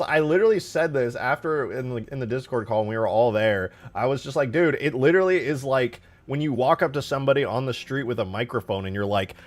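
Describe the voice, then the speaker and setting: A young man casually chatting with his livestream chat while modding a game, joking around and swearing often. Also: medium pitch. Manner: animated, swears often, jokey banter with chat. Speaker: streamer modding a video game.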